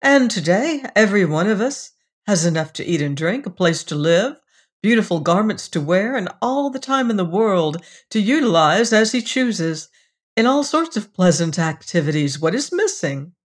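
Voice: medium pitch, very animated, moderate pace. A reader voicing an earnest, uneasy young man who speaks insistently.

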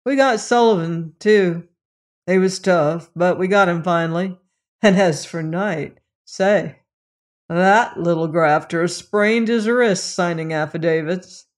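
A reader voicing a gruff plainclothes policeman who speaks bluntly in street slang. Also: mid-range voice, slow pace, lightly acted. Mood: blunt, offhand.

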